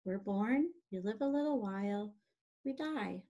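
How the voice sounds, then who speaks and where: A woman voicing a wise, gentle female spider in a storybook, speaking in a calm, measured way. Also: medium pitch, dull audio. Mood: tender.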